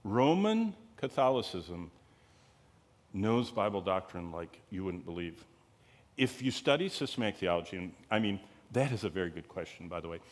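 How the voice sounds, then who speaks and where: A man's voice: sits low, brisk. Emphatic, digressive male Bible teacher. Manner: digressive, asks the audience rhetorical questions. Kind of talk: conversational Bible lecture to a live group.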